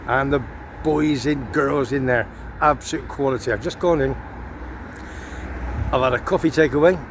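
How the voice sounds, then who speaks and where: Older man, English accent, rambling casual vlog, cheeky, handheld phone, busy street noise behind. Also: mid-range voice. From Gloucestershire, England. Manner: chatty, cheeky, self-promoting. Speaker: vlogger. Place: outdoors on town streets. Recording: noisy outdoor phone audio. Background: traffic and street noise.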